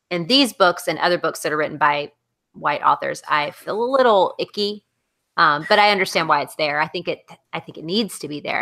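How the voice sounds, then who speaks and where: A Southern American woman, middle-aged, talks books casually on a podcast. Her voice sits slightly low and comes across bright and forceful. She rambles with fillers and restarts. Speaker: podcast co-host. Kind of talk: casual book discussion chat.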